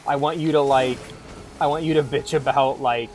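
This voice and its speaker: Man, game streamer, casual chat, rambling, sweary, irreverent, medium pitch. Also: fairly even intonation, normal speed, a little mellow, soft background music.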